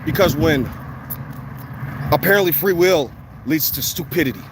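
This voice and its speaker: Guy ranting while he walks outside, pretty high voice, cars and street noise loud behind him. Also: moderate pace. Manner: blunt, heated, profane ranting. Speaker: vlogger. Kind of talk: walking vlog monologue.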